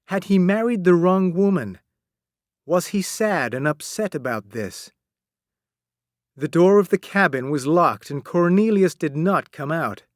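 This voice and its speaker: A man narrating a classic story as an audiobook, reading in a slow, simple, clear way. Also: fairly high pitch, no room sound, studio quality.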